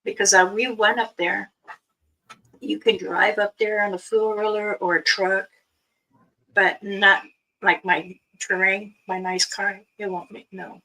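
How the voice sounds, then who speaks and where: A woman's voice: mid-range voice, little pitch movement, unhurried, bright, forceful tone. A middle-aged woman hosting a livestream, telling stories in a casual chat, acting out quoted dialogue and laughing often. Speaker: livestream host. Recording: voice a bit far from the mic.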